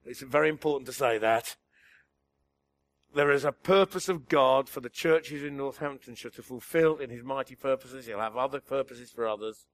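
A man preaching a sermon, swinging between emphatic lines and a hushed near-whisper, chuckling at his own jokes. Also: medium pitch. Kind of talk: sermon to a church gathering.

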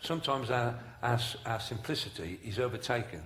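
A man preaches a humorous sermon in a large hall, spinning animated stories with jokes and asides. His mid-range voice moves fairly quickly, and the echoey hall recording has slight background noise.

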